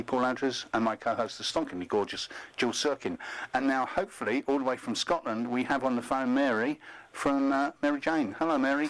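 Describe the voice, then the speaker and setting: A man's voice: mid-range voice, poor audio. A man hosting a casual business radio show, joking with his co-host and a caller, often restarting his words. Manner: jokey, stammering restarts.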